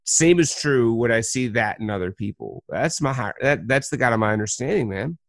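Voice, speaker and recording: An upbeat man hosts a recovery podcast and chats with callers. His voice is mid-pitched and sounds close and dry. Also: expressive, brisk, no room sound. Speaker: podcast host.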